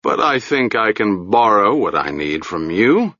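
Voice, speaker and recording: A man voicing a calm, wry, middle-aged wizard in a storybook reading, easygoing and gently teasing. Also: lowish voice, measured pace, no room sound, lo-fi sound, exaggerated voice.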